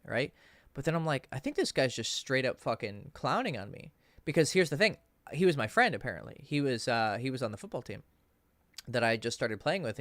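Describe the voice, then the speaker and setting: A medium-pitched man, recorded with no room sound, coaches on dating during a casual livestream Q&A full of profanity. He tells a story and gets animated acting out the people he quotes.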